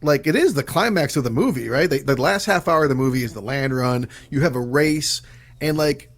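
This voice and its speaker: A man co-hosting a movie podcast, talking through the film in a measured, analytical way. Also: fairly high pitch. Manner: measured, analytical, history asides. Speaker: podcast co-host. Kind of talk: casual movie review chat.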